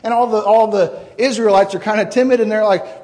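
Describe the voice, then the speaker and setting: A man's voice: high-pitched, fairly even intonation, fairly quick, a little mellow, long reverb tail. A man preaching a sermon as pastor, in an earnest, conversational way that often repeats words. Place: church sanctuary.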